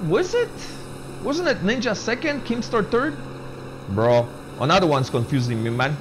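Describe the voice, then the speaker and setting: A young man with a high voice, lively intonation and normal speed games on a live stream, chatting laid-back with viewers and reading chat aloud. He says "man" and "bro" in nearly every sentence, with game engine noise behind him.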